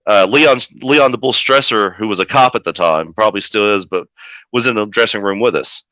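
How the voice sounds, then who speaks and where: A man's voice: fairly low pitch, a little fast, bright, forceful tone, no echo, muffled recording. A man, a wrestling manager, telling a profane story in a casual interview and acting out the quotes as he goes.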